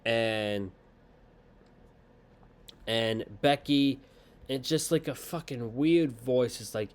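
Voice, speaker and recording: A man's voice: medium pitch, takes it slowly, long pauses. A young man hosting a casual podcast review of a wrestling show, blunt and rambling, swearing casually.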